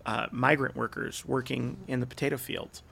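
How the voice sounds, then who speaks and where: A middle-aged man, a podcast guest, telling stories in a casual chat and acting out the people he quotes with big jumps in pitch. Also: fairly even intonation, moderate pace, vocal fry, fairly bright tone, husky.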